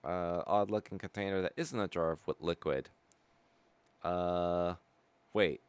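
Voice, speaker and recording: A man's voice: low voice, fairly even intonation, a little slow, clean tone, no room sound. A man streaming a video game live, commenting playfully, swearing now and then and greeting chat.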